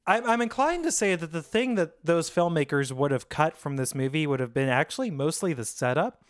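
Chatty, animated man podcaster. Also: fairly high pitch, a little fast, no echo, clean studio sound. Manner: animated, rambling with many restarts. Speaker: podcast co-host. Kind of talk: casual movie podcast chat.

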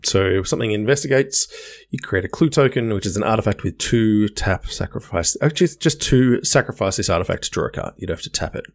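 A man co-hosting a podcast, calmly explaining card game rules step by step in a casual, matter-of-fact way. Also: on the low side, fast, creaky. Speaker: podcast co-host.

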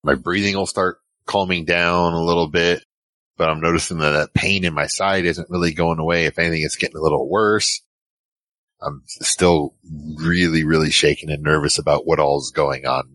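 A man's voice: low-pitched, fairly bright tone, no echo. A man playing a hurt, frightened photographer in a tabletop role-play, stammering as he talks. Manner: stammering, shaken. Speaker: player.

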